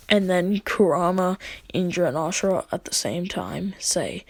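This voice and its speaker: Husky, gravelly woman telling a fan story. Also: fairly low pitch, expressive, measured pace, no room sound. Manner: crude joking, lots of fillers, soft half-whispered delivery. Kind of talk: casual fan-story narration.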